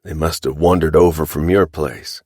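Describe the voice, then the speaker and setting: A man reading the part of a surly middle-aged cattle rustler, sullen and evasive, in a rough frontier drawl. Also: a bass voice, fairly even intonation, moderate pace, a little mellow, no echo, clean studio sound.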